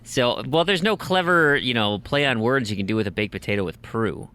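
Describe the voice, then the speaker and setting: A man's voice: mid-range voice, animated, fairly quick, bright, forceful tone, clear, resonant tone. A man hosting a casual podcast, chatty and joking as he reads out listener reviews and questions. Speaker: podcast host.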